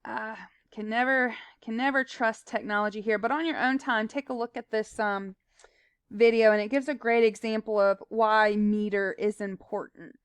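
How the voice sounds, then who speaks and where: Smooth-voiced woman teaching. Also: fairly high pitch, fairly even intonation, normal speed, no echo. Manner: explains plainly, with fillers and asides. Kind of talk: recorded slide lesson.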